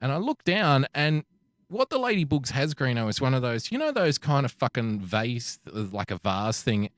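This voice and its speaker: Australian male podcast co-host, lively pitch, dry close sound, crude anecdotes. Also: moderate pace, no room sound. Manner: profane, animated anecdote-telling with acted quotes. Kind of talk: casual storytelling chat. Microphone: podcast microphone.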